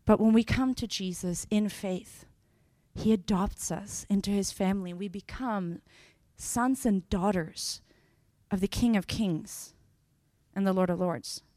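Expressive woman preacher, dry sound. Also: medium pitch, dry recording. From Sweden. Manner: expressive, acts out scenes with sudden loud bursts; slows down on key phrases. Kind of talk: sermon.

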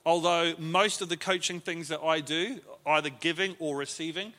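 A man's voice: a little high, steady tone, moderate pace, sharp tone, long reverb tail. A man teaching a leadership class to a group in a conversational way, often acting out the lines he quotes.

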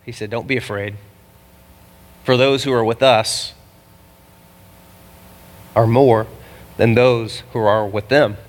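Animated pastor preaching in a reverberant hall. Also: male voice, medium pitch, slow, pauses often. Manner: animated, jokey, acts out the people in the story. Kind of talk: sermon. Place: church.

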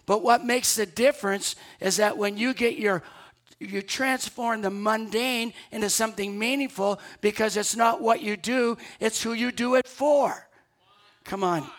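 A man's voice: high-pitched, a bit bright. A man preaching a sermon to his church, repeating key lines for emphasis and telling stories with quoted dialogue. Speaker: pastor.

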